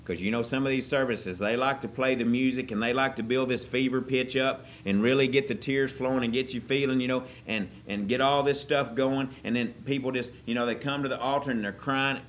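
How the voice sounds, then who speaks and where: A man preaching a sermon as pastor, folksy and joking, swinging from quiet asides to loud excited bursts. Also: medium pitch, fairly quick, hardly any pauses. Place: church service.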